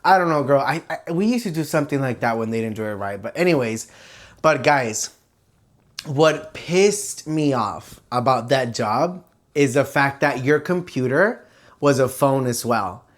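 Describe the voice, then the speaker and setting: Animated bilingual vlogger. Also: mid-range voice, unhurried. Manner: animated and expressive, imitates ringing sounds. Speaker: vlogger host. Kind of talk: casual storytelling chat switching between Spanish and English.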